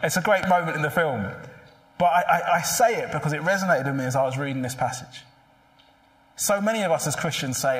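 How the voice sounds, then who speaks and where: A man's voice: on the high side, brisk, a bit bright. A man preaching a sermon in a church, earnest and pleading, asking many rhetorical questions. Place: church hall.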